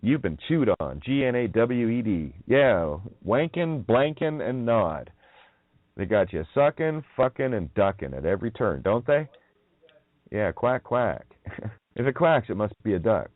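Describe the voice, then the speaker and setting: A man's voice: medium pitch, big pitch swings, measured pace, dry recording. A man hosting a radio show, delivering a rambling, profane monologue in a mocking manner, chuckling between sing-song wordplay. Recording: tinny phone-like audio.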